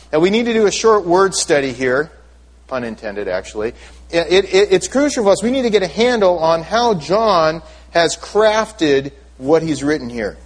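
A man's voice: fairly high pitch, very animated, normal speed. A man preaching a sermon as pastor, explaining scripture and leading the congregation in reading aloud together. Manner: explanatory, repeats words when restarting.

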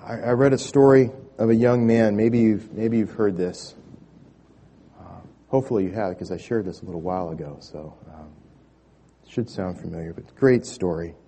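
A man's voice: on the low side, normal speed, long pauses, mellow. A man preaching a sermon as pastor, building to emphatic peaks and often repeating words as he goes.

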